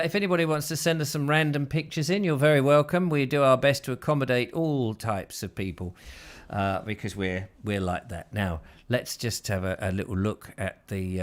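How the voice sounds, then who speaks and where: A man hosting a casual live show from his house, rambling through viewer comments with self-deprecating jokes. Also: lowish voice. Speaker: host.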